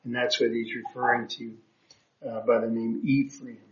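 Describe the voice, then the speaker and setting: A man's voice: mid-range voice, level tone, moderate pace. A man teaching a Bible class, reading verses aloud and explaining them with frequent hesitations. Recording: roomy, dull lo-fi classroom recording.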